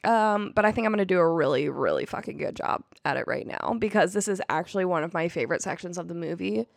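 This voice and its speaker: A woman's voice: on the low side, quick pace, creaky, no room sound, clean studio sound. A young woman co-hosting a podcast in casual chat, full of ironic self-mocking jokes. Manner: joking, ironic self-mockery. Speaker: podcast co-host.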